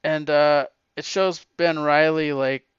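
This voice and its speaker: Man, comic book reviewer, casual recap, emotional, fairly high voice, lo-fi sound. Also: steady tone, takes it slowly, clear, resonant tone, no room sound. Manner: emotional, chokes up while recounting. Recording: dull lo-fi recording.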